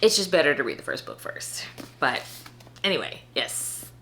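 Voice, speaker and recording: A woman's voice: sits low, very animated, normal speed, fairly bright tone. A woman giving a casual, chatty book review, peppered with "like" and "you know," earnest and heartfelt.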